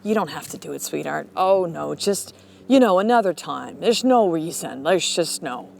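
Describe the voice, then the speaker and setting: A woman voicing a little red shoulder devil that softly talks her out of things. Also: low voice, lively intonation, moderate pace, creaky, a little hiss or hum, heavily acted. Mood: coaxing. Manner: soft, coaxing, dismissive.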